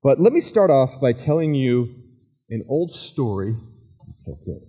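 A man's voice: medium pitch, big pitch swings, normal speed, warm tone, slightly rough, lo-fi sound. A man preaching a sermon as pastor, chatty with the congregation and telling a dramatic story. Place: church sanctuary. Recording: echoey church hall.

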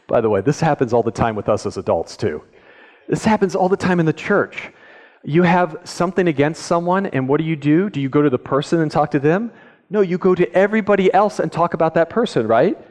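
A male pastor giving a conversational sermon, often checking in with the audience with questions. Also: a little high. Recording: echoey hall.

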